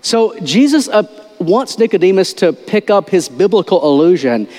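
A man preaching a conversational sermon in a church, his voice sitting a touch high for a man. He talks loosely, restarting phrases and firing questions at the congregation. A long reverb from the hall trails behind his words. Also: sing-song, normal speed, dark tone. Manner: informal, repeats words, quizzes the audience. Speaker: pastor.

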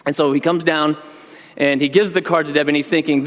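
A middle-aged man preaching a sermon, telling animated stories about scolding his kids at home. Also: a little high, fairly quick. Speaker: pastor. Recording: long reverb of a large hall.

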